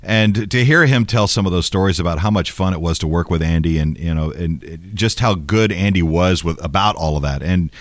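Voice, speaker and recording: A male broadcast host chatting in a casual interview, talking quickly with repeated restarts. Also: sits low, no room sound, studio quality. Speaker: radio or podcast host.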